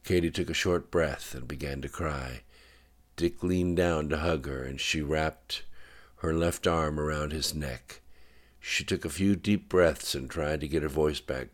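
A man reading fiction aloud in a steady, understated narration. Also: extremely low pitch, unhurried. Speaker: audiobook narrator. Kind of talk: scripted narration.

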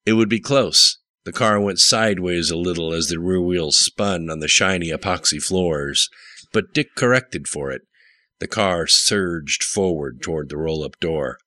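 Deep-voiced male audiobook narrator. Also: measured pace, bright, forceful tone, no room sound. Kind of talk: scripted narration.

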